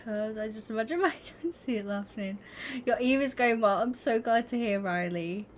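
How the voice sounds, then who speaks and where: A woman's voice: a little high, normal speed, a little hiss or hum. A young woman streaming live, chatting casually with her viewers and constantly breaking into giggles. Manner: giggly, keeps breaking into laughter.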